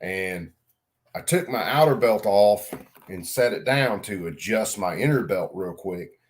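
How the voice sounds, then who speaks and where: In a casual vlog, a middle-aged man tells a rambling story, swearing freely and laughing at himself a lot. His voice sits on the low side and is expressive, and he keeps a measured pace.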